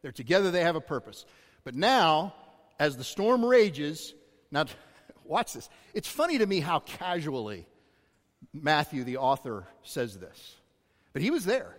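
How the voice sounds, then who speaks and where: A man preaching a sermon as pastor, speaking conversationally with self-deprecating asides to his congregation. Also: on the high side. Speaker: executive pastor. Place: church auditorium. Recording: long hall reverb.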